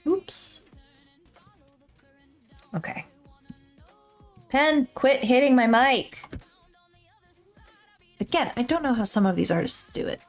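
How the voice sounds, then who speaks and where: A woman artist talking through her drawing as she streams, joking and poking fun at herself. Her voice swings widely in pitch. She speaks into a close desk mic with a pop filter, with faint music behind her. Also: lively intonation, takes it slowly, pauses often. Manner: chatty, joking, self-deprecating, talks to herself. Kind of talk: casual thinking aloud while drawing. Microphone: her own desk mic with a pop filter.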